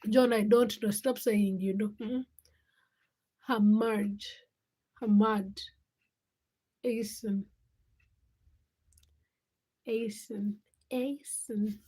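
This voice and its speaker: A young woman with a mellow, medium-pitched voice hosts a casual late-night livestream. She chats and teases viewers by name while reading out their comments.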